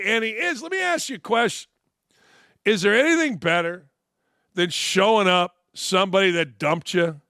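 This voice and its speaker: A brash man in his sixties hosting an opinionated sports talk show, rambling and animated. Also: high voice, no room sound, clean studio sound.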